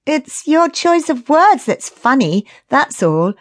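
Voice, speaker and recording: A woman's voice: high-pitched, very animated, takes it slowly, pitched above the performer's own voice, heavily acted. A woman narrator voicing the heroine's own dialogue, a direct, teasing young woman.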